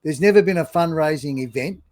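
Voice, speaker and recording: Brief: male interviewer, slightly high voice, dry close sound, easygoing. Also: a little fast, darkish tone, no room sound. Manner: easygoing, encouraging prompts. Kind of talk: casual interview chat.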